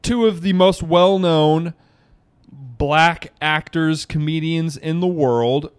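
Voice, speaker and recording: Animated man co-hosting a chat. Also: on the high side, slow, clean tone. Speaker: podcast co-host. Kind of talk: casual chat.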